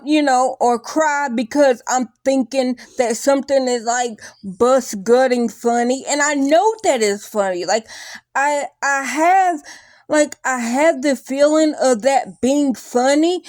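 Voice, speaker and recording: A young adult woman talking through her feelings in a rambling, animated vlog, full of likes and restarts. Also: sits high, slow, no echo. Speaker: vlogger. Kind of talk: casual confessional talk to camera.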